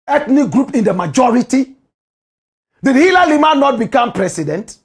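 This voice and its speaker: Ghanaian male commentator, husky, wildly swinging pitch, fiery and argumentative. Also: very animated, moderate pace. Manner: heated, ranting, fires rhetorical questions. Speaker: host of a commentary show. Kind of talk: impassioned political commentary.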